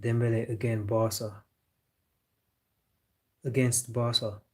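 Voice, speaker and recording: A man's voice: medium pitch, little pitch movement, slow pace, breathy edge. A man hosting a live football reaction stream, chatting casually and answering viewers with strong opinions. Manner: opinionated, replying to chat.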